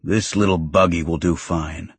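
A man's voice: deep voice, fairly even intonation, moderate pace, slightly rough, voice pushed down. A man voicing a wounded older farmer who bellows his protests, his voice rising frantically. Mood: protesting.

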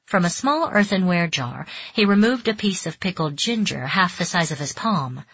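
A woman reading a novel aloud in calm, even scripted narration. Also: on the low side, moderate pace, husky, no room sound. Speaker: audiobook narrator. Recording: dull dry audiobook recording.

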